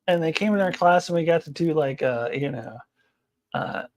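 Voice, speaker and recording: Giggly woman with lively pitch. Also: normal speed. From United States. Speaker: live-stream host. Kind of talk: casual live chat, reading comments.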